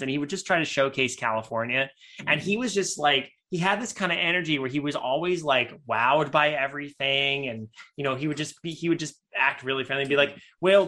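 An enthusiastic man chatting casually about a film, his voice bright and forward. He rambles a little and restarts sentences as he gets excited. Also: mid-range voice. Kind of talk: casual chat.

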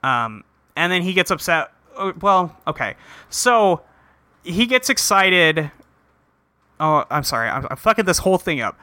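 A man's voice: sits high, sing-song, unhurried, sharp tone, no room sound. A man on a podcast recapping a cartoon episode in casual chat, rambling with many ums and acting out the characters' lines.

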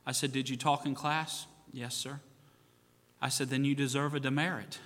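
Bright-voiced pastor preaching in a reverberant church. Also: male voice, mid-range voice, little pitch movement, moderate pace. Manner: folksy, repeats "you know what?", acts out quoted voices. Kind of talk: sermon. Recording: church sanctuary with long reverb.

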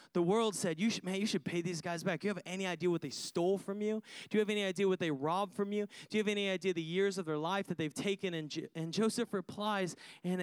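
High-voiced emphatic male preacher. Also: smooth, no echo. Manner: emphatic, repeats phrases for effect, asks the audience questions. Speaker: pastor. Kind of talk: sermon.

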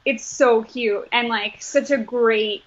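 A woman's voice: on the high side, fairly even intonation, slow. A woman co-hosting a podcast, chatting casually and saying "like" a lot. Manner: chatty, heavy use of "like". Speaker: podcast co-host. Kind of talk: casual chat. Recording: slightly dull lo-fi sound.

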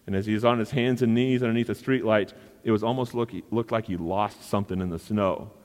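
A man's voice: lowish voice, fairly even intonation, a little fast, darkish tone. A male pastor preaching a sermon in an earnest manner and repeating phrases for emphasis. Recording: long hall reverb.

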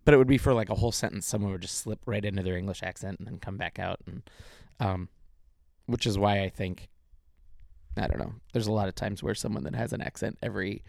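A man co-hosting a podcast, chatting casually about movies in a rambling, animated way with many restarts. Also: on the low side, quick pace, vocal fry, no room sound, studio quality. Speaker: podcast co-host.

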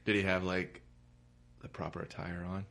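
Low-voiced man joking about comics. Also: flat delivery, moderate pace, a bit bright. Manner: joking, crude banter with mock quotes. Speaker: podcast co-host. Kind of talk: casual chat about comics.

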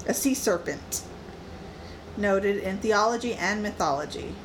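A woman co-hosting a casual podcast chat, animated and laughing often as she talks through a horror film. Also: medium pitch, measured pace, noisy background. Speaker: podcast co-host.

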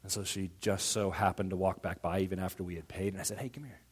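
A man preaching a sermon as pastor, animated and quick to act out what others say, often restarting his words. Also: deep voice, husky. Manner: animated, acts out quoted voices, frequent stammered restarts.

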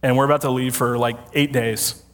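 A man's voice: medium pitch, steady tone, a little fast. Chatty pastor man in a reverberant hall. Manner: conversational, self-deprecating, laughs often. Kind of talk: storytelling sermon. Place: church sanctuary with congregation.

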